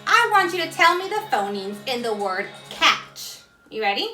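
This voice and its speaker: A woman teacher giving a phonics lesson to children, sounding out letters slowly and clearly and asking listeners to say the words with her. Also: high voice, very animated, pushed and bright, roomy sound, recorded from a distance, faint music behind.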